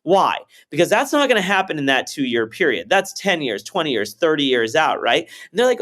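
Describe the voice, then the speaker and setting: A man's voice: on the high side, fairly quick, hardly any pauses. A man, a startup founder, explaining at length in a casual podcast chat, acting out quotes and swearing freely. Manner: animated storytelling, acts out quotes, swears freely.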